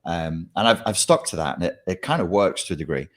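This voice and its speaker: A man who writes and coaches, talking in a halting way with frequent restarts in a casual conversation. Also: deep voice, sing-song. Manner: halting, restarts words often. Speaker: author and trauma coach.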